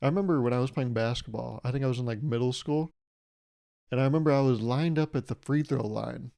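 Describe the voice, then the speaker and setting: A man hosting his own podcast talks at an ordinary middle pitch, rambling casually in a comic solo monologue. He keeps slipping into playful little exchanges and plays both sides of each one. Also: fast, gravelly, mellow. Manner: playful, rambling, acts out imagined dialogues. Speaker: podcast host.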